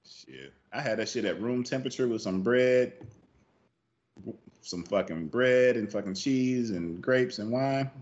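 A man's voice: medium pitch, a little slow, darkish tone. A man chatting casually on a podcast, laid-back and swearing as he talks. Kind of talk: casual stoner podcast chat. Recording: dull mic.

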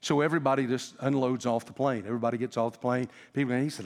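A male pastor telling a story in a sermon, in a folksy, animated way. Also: medium pitch, very fast, big-room sound.

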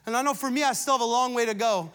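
A man in his thirties, a pastor, preaching a sermon and telling a family story, swinging between loud preaching and quiet asides. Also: very high voice, rapid-fire, clear, resonant tone, big-room sound. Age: 30s. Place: church.

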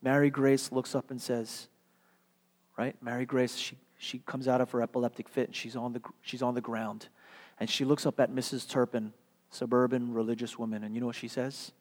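A man's voice: medium pitch, flat delivery, brisk, darkish tone. A male pastor delivering a sermon with dramatic, earnest storytelling. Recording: long hall reverb.

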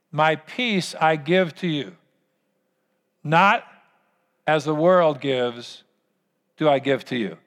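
A man's voice: fairly high pitch, fairly bright tone, in a large hall. A man preaching a sermon as pastor, earnest and storytelling, asking the congregation to repeat lines after him.

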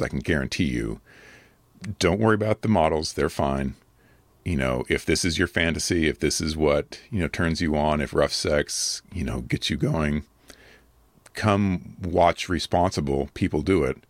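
Very deep, rough-voiced man. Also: no echo. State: a little rough from allergies. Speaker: adult video creator answering comments. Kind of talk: casual commentary on viewer comments.

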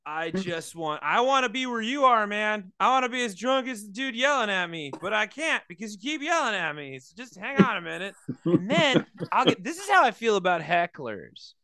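A man's voice: sits high, big pitch swings, moderate pace, pushed and bright, no room sound. A man chatting casually as a comedian co-host, acting out quotes in different voices and swearing freely. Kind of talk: casual podcast chat.

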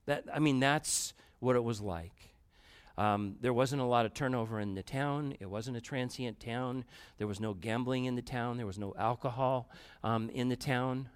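A man preaching to a room full of people in an easy, conversational way, with an ordinary mid-range voice. He keeps turning to the audience, dropping to quiet asides and then rising to loud, emphatic bursts. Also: medium pitch, normal speed, smooth. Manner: conversational, addresses the audience directly. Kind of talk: storytelling sermon.

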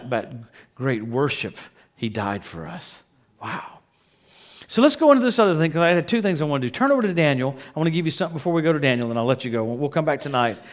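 A middle-aged man preaching a sermon, animated and jokey, swinging between loud declarations and hushed, intimate stretches. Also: fairly high pitch.

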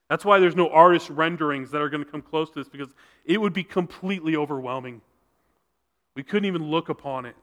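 A man preaching a sermon as pastor, earnest, and at times dropping to a soft, intense voice for emphasis. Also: fairly high pitch. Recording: reverberant hall sound.

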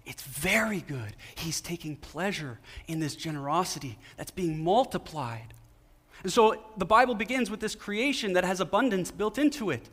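A man preaches a sermon in a voice pitched a bit high. He repeats short phrases for emphasis and puts questions to his listeners. His voice rings with the long reverb of a large hall. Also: a bit bright. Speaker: pastor.

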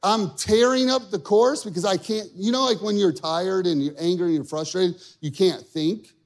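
High-voiced man preaching with humor. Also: normal speed. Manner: conversational and humorous, acting out inner dialogue. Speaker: pastor. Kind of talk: sermon.

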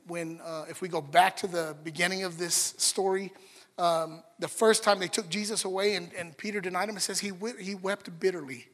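Male pastor, sermon, bright, forceful tone, conversational and earnest, reverberant hall. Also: high-pitched. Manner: conversational, earnest, with restarts and asides to the congregation.

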